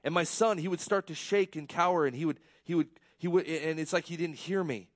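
A man's voice: a little high, brisk, dry recording, clean studio sound. A man giving a conversational sermon, earnest and self-deprecating, often repeating words as he gets worked up. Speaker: pastor.

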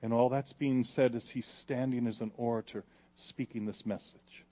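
A man preaching a sermon, reading scripture loudly and then dropping to hushed, pleading asides. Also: mid-range voice, normal speed. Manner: animated, swings from loud reading to hushed pleading. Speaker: pastor.

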